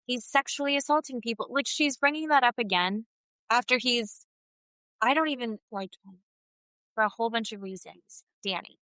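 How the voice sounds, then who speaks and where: Bright-voiced opinionated woman podcaster. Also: a little high, dry recording, rough recording. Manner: opinionated, fast, animated retellings. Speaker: podcast co-host. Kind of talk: casual chat recapping reality TV.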